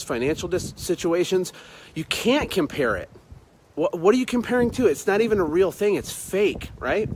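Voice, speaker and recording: Chatty man on a livestream. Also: fairly high pitch. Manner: conversational, repeats himself, greets viewers by name. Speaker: business motivational speaker. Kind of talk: casual Facebook Live talk. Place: outdoors at home at night.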